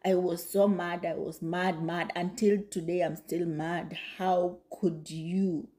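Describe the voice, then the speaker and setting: A woman's voice: fairly low pitch, level tone, slow, dark tone. A woman giving casual commentary to camera, emphatic and repeating herself, with frequent exclamations. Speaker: video commentator.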